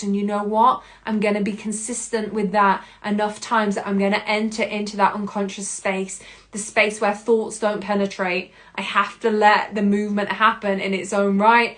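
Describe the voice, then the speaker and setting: A woman hosting a podcast, giving an expressive self-help monologue and often breaking into laughter. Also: medium pitch, moderate pace. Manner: expressive, laughs often, acts out her own inner voice. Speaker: podcast host.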